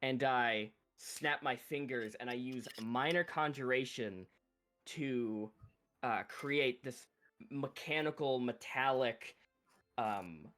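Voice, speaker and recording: A man in a tabletop game session, playing a flattering, salesman-like merchant with a patter of compliments. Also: mid-range voice, slow, soft background music. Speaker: player. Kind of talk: tabletop role-play, playing a smooth-talking merchant.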